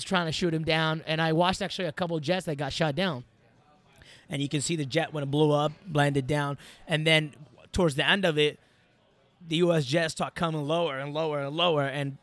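A man from Iraq, a podcast guest telling his story in an animated, rambling way and acting out what people said. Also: on the high side, dry recording. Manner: animated, rambling, acts out quotes. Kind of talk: casual storytelling.

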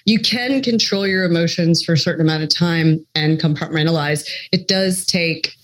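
A woman's voice: fairly low pitch, moderate pace, a bit bright, poor audio. A woman co-hosting a podcast in casual chat, chatty and full of filler words. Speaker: podcast co-host.

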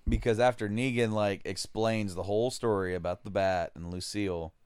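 A man's voice: on the low side, fairly even intonation, normal speed, a little mellow, clean tone, dry recording. A man co-hosting a podcast, recapping a comic in rambling casual chat. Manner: rambling, laughs often, full of fillers. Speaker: podcast co-host.

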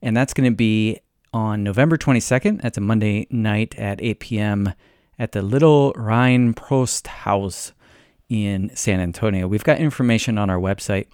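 A man's voice: lowish voice, moderate pace, a little mellow, smooth, no echo, clean studio sound. Man reading podcast announcements. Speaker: podcast host. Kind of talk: scripted announcement.

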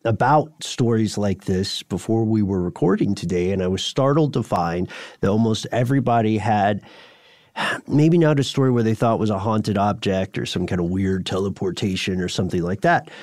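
Low-voiced man, wry podcast co-host. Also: a little mellow, dry recording, clean studio sound. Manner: wry, rambling, thinking aloud with fillers. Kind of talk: casual podcast chat.

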